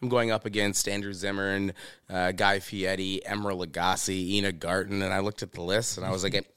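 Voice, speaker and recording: A man with a low-pitched, flat, slightly bright and smooth voice talks briskly, recorded cleanly in a studio with no room sound. He's a chef appearing as a podcast guest, chatting casually in an interview and telling stories with many restarts and plenty of "you know"s.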